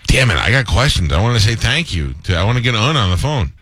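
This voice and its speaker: A man hosting a radio show, teasing his co-hosts in casual banter with quick comebacks. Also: fairly low pitch, very animated, fairly bright tone, breathy edge, no echo.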